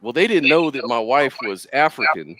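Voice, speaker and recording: A man's voice: medium pitch, lively intonation, moderate pace, a crowd in the background, rough recording. A man hosting a call-in show, telling long rambling stories in a casual, chatty way. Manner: rambling storyteller, says "dude".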